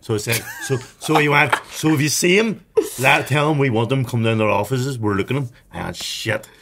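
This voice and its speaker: A man's voice: medium pitch, a little fast, noisy background. A young man, telling a story as a podcast co-host, with lots of swearing and laughter. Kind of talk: casual chat, storytelling.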